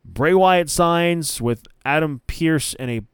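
A man's voice: on the high side, takes it slowly, smooth, no room sound, clean studio sound. A man hosting a casual wrestling podcast, giving opinionated takes and often correcting himself mid-sentence. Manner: opinionated, rambling with frequent self-corrections. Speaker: podcast host.

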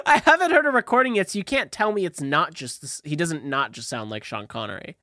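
A woman co-hosting a casual podcast, chatty and quick to react. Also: lowish voice, sing-song, bright, forceful tone, no room sound, clean studio sound. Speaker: podcast co-host. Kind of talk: casual chat.

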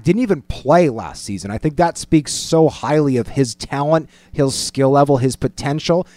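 A man co-hosting a casual sports talk show, opinionated and animated, mimicking quotes in a higher voice. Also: no echo. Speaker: sports podcast co-host.

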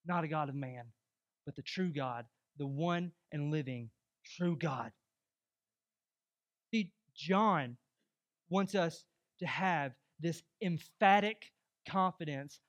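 A young adult man preaching a sermon as pastor, emphatic and rising to loud exhortation. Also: a little high, slow pace, long pauses, lo-fi sound.

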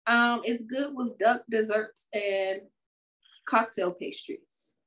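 A woman's voice: fairly high pitch, steady tone, slow, a bit bright. A woman co-hosting a casual podcast, chatting playfully and reading wine labels aloud. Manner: playful, sign-off announcer flourishes. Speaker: podcast co-host. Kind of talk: casual chat.

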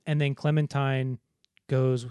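A man co-hosting a film podcast in casual chat, rambling and acting out movie lines in quick put-on voices. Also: medium pitch, flat delivery, warm tone, clean tone, dry recording, clean studio sound. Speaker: podcast co-host.

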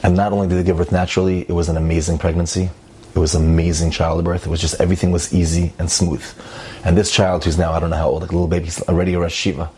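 A man telling a story in a casual, animated way, repeating phrases and sprinkling in Hebrew and Yiddish words. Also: sits low, very fast, slight background noise.

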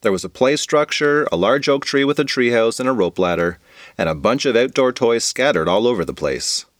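A man's voice: mid-range voice, lively intonation, a little fast, no echo, studio quality. A man narrating a goofy children's story in a playful, comic manner. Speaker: podcast storyteller.

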